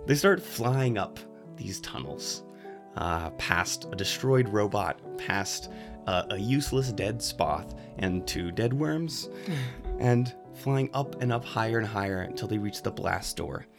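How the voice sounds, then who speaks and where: A man's voice: fairly low pitch, animated, takes it slowly, creaky, over music. A man narrating a tabletop game as game master, casual and laughing at times.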